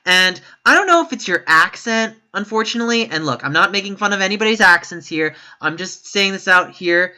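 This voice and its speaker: A man's voice: sits high, lively intonation, fairly quick, few pauses, sharp tone, smooth. A man giving opinion commentary in a vlog, talking in an emphatic, rambling way and breaking into sudden exasperated outbursts. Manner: rambling, self-correcting delivery. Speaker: YouTube commentator.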